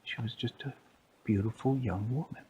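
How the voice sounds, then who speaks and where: A man improvising a fairy tale in a soft, hushed, whispered storytelling style. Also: mid-range voice, moderate pace, lo-fi sound. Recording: clear background hiss.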